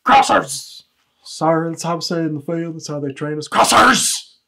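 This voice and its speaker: A man's voice: fairly high pitch, flat delivery, fast, close to an everyday voice. An actor playing a dim, eager male border patrol officer who keeps saying sir and rambling through excuses in a comedy sketch. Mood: defensive.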